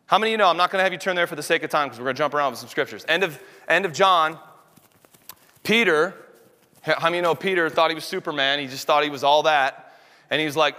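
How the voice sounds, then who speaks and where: A man delivering a sermon with intense, animated energy, slipping into quoted voices along the way. His voice sits a little high and rings bright and forceful. A long reverb trails behind him in the church room. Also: brisk. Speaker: pastor.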